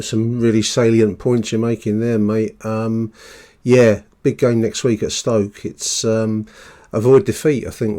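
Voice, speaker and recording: Mellow relaxed male podcast host. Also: lowish voice. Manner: relaxed, many ums. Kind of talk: casual podcast chat.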